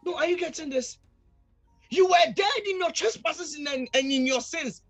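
A male pastor preaching a fervent sermon, repeatedly calling out to the congregation and swinging between shouting and near-quiet. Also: very high-pitched, normal speed, soft background music.

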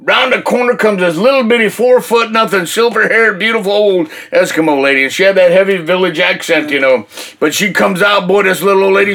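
An older man telling his faith testimony in a folksy, colloquial, animated way. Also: sits high, brisk. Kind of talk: casual faith testimony storytelling.

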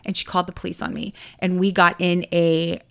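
A woman, co-hosting a podcast. Her voice has a gravelly, fry-touched edge, and she tells her stories lively, acting out the people in them. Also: lowish voice, brisk. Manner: storytelling, mimics other people in her anecdotes. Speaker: podcast co-host. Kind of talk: casual chat.

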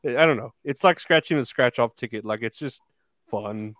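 A man's voice: mid-range voice, moderate pace, a bit bright, no room sound, clean studio sound. A man co-hosting a casual wrestling podcast, laid-back and laughing often. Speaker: podcast co-host. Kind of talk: casual chat.

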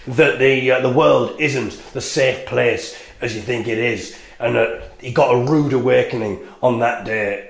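A man with a gravelly edge tells a rambling, wry story as host of his own podcast. His voice sits at a middling pitch. It bounces around a small, echoey toilet room. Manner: rambling, wry and self-mocking. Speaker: podcast host and band member. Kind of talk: casual storytelling monologue. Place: venue toilet with a shower.

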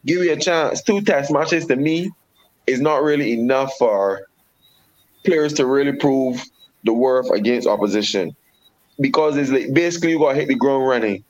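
A man's voice: mid-range voice, expressive, moderate pace, a little mellow. A man with a West Indian accent, a regular panelist arguing heatedly about cricket in a repetitive, emphatic way. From Caribbean. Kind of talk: heated sports debate. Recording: dull lo-fi sound.

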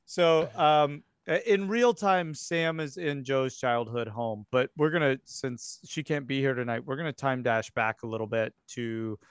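A man's voice: medium pitch, unhurried, hardly any pauses, clear, resonant tone, dry recording, clean studio sound. A man running a tabletop game as game master, narrating scenes in a rambling way with many fillers. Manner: rambling, filler-heavy storytelling.

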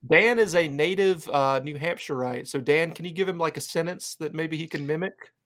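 A man's voice: fairly high pitch, normal speed, fairly bright tone. A man hosting a casual fan podcast, upbeat and hype-driven, with lots of fillers and restarts. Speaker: podcast host. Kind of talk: casual fan-show chat.

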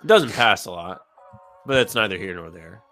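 A man co-hosting a casual sports chat, reacting with quick, dry remarks. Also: low-pitched, expressive, sharp tone, faint music behind. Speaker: co-host of a sports talk stream.

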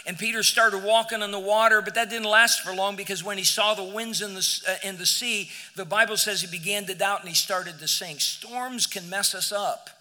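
Man, pastor, sermon in church, high voice, very bright and forceful tone, emphatic. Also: fairly even intonation, brisk, hardly any pauses, in a large hall. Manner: emphatic, swinging from near-shouts to hushed lows. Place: church sanctuary.

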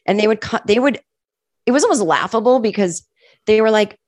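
A woman's voice: mid-range voice, expressive, brisk, a little mellow, no room sound, studio quality. A woman comedian, a podcast guest, telling stories in casual chat, full of "like" and acting out what people said. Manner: chatty, fills speech with "like", acts out quoted people. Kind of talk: casual podcast interview storytelling.

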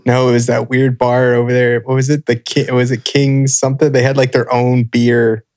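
A man in a casual podcast chat, recalling a story in a relaxed, joking way. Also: mid-range voice, normal speed, no echo, studio quality.

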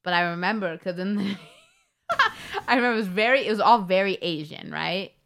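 Bright, giggly woman co-host. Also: mid-range voice, sing-song, fairly quick, creaky. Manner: rambling, giggly storytelling. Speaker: podcast co-host. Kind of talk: casual chat.

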